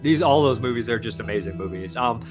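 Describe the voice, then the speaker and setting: Male host, casual and chatty, asking quick questions, light music in the background. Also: mid-range voice, expressive, low-quality recording. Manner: chatty, quizzing a guest. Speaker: podcast host. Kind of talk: casual conversation.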